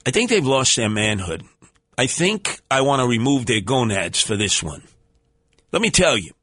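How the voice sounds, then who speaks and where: A middle-aged man hosting a call-in radio show, telling stories in a brash, swaggering way with loud outbursts. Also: medium pitch, no echo, studio quality. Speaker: radio talk show host. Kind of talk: animated storytelling call-in radio.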